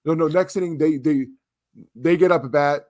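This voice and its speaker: Animated man telling a story. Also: fairly high pitch, normal speed. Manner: animated, acts out quotes, restarts often. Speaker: podcast co-host. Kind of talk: casual storytelling chat.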